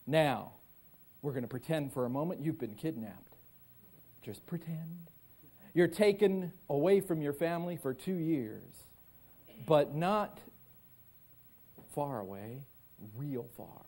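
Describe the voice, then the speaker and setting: A man's voice: medium pitch, animated, slow pace, long pauses, mellow. A man giving a live keynote talk as a psychologist and motivational speaker. He tells stories and leads the audience in call-and-response on a conference stage.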